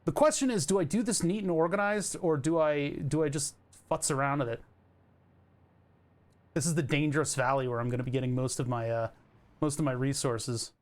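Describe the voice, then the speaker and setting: A man's voice: fairly high pitch, fairly quick. A man streaming a building game, chatting casually to his viewers in a rambling, self-mocking way. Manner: rambling, self-mocking, jokey asides to chat. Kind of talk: casual gameplay commentary.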